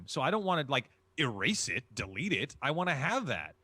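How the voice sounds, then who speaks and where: A man's voice: medium pitch, very animated, fairly quick, sharp tone, husky, dry recording. A man from Chicago, a guest in an interview, explaining voice acting in an emphatic way and repeating his key phrases. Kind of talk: instructive interview answers.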